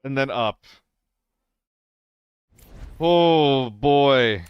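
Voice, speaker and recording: A man streaming a game live, chatting casually with viewers, laughing often and swearing when he gets excited. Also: mid-range voice, measured pace, smooth, dry recording, highs cut off. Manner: excitable, laughing and swearing between relaxed chat.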